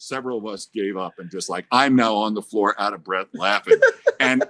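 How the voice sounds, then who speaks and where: Animated male storyteller, mid pitch. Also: moderate pace. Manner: animated storyteller, acting out voices with big pitch jumps. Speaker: guest broadcaster. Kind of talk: storytelling in a podcast interview.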